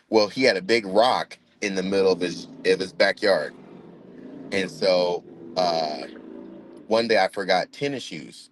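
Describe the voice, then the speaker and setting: A man's voice: low-pitched, measured pace. A young man telling a funny family story in a laid-back, rambling way, with chuckles. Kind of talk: casual storytelling.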